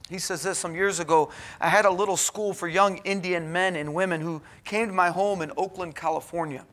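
Bright, high-pitched man preaching a sermon. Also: fairly even intonation, a little fast. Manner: earnest, exhorting, with emphatic rhetorical questions. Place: college chapel.

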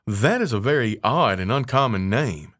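A man voicing an eager, excitable little female mouse who asks questions. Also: medium pitch, moderate pace, no echo, clean studio sound, lightly acted. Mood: puzzled.

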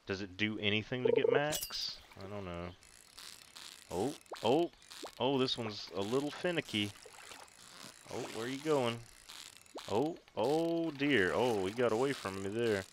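A man's voice: medium pitch, expressive, unhurried, long pauses, noisy background. A man giving casual, joking and self-mocking commentary while playing a video game. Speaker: gaming video host.

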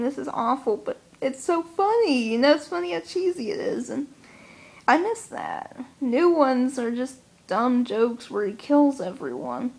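A young woman hosting a casual countdown video. Her voice is high, and she talks in an excitable, chatty way, teasing herself as she goes. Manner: chatty, excitable, self-mocking. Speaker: vlogger.

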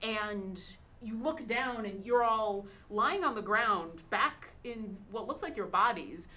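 A woman's voice: mid-range voice, lively intonation, slow pace, pushed and bright. A woman narrating as game master in a tabletop role-playing game, with descriptive storytelling and fillers.

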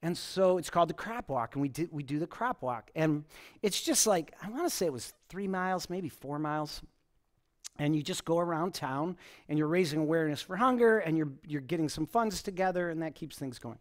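Lively, animated male pastor. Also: fairly high pitch, a little fast. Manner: animated storytelling, chuckling, frequent restarts. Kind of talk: conversational sermon with personal stories. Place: church service.

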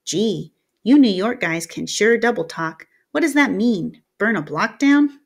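A woman's voice: medium pitch, animated, a little slow, gravelly. A woman voicing a cocky, self-assured teenage boy from a small town, brash, teasing and slangy.

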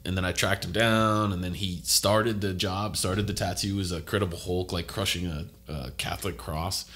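A man's voice: deep voice, fairly even intonation, normal speed, fairly bright tone. A man hosting a casual podcast chat, telling a story with lots of laughs, swearing and acted-out quotes. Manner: laughs a lot, swears freely, acts out quotes. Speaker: podcast host.

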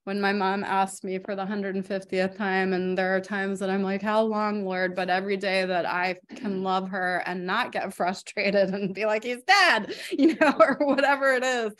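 A middle-aged woman, teaching a parish faith class in a personal, conversational way with many fillers. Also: medium pitch. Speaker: RCIA catechist. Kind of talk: casual teaching talk.

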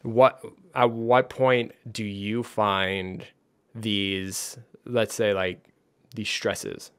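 A male podcast co-host with a low, smooth, resonant voice. He chats loosely, leaning on "like" as he works toward his questions. The sound is close and dry. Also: steady tone, extremely slow, no echo. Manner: loose and chatty, heavy on "like" fillers. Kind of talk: casual podcast chat.

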